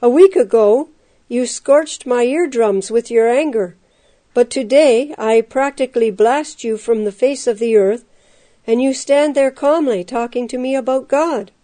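A woman voicing an angry male prison guard who barks and shouts his orders. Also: on the high side, lightly acted. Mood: exasperated. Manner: barking, loud, drawn-out shouts.

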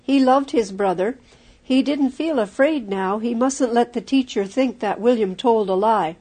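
A woman narrating a children's storybook aloud in a clear, measured way. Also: on the high side, a little mellow.

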